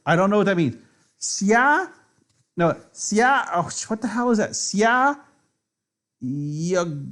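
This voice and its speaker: A man's voice: high voice, expressive, unhurried, fairly bright tone. A man streaming his chess games, tipsy from drinks, rambling and trash-talking with plenty of swearing and self-mockery. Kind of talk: casual live-stream commentary.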